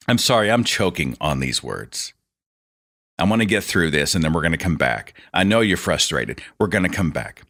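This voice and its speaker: A man's voice: low-pitched, big pitch swings, moderate pace, fairly bright tone. A man hosting a podcast, reading an article aloud and breaking off with sarcastic, exasperated asides. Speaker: podcast host.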